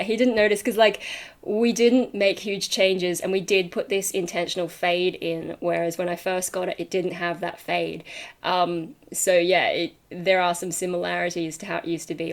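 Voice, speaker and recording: Rambling young woman vlogging casually. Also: fairly low pitch. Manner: rambling and tangent-prone, with frequent ums and likes; chatty, laughs often while talking. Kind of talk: casual rambling chat to camera.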